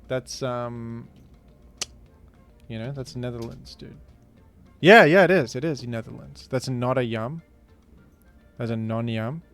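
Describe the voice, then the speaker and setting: A man streaming a food guessing game, talking casually with animated, incredulous outbursts. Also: mid-range voice, slow, pauses often, clear, resonant tone, soft background music. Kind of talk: casual gaming commentary.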